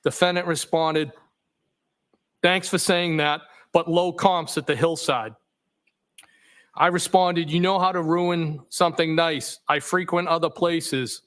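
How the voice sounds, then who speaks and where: A man testifying as a trial witness, reading text messages aloud in a steady, matter-of-fact way, saying the punctuation out loud. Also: a little high, measured pace. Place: courtroom.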